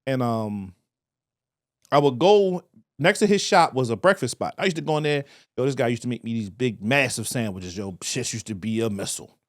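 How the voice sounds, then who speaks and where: A man with a Baltimore accent telling a profane, animated story on a casual podcast, acting out voices as he goes. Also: mid-range voice, moderate pace, no room sound, studio quality. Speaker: podcast co-host.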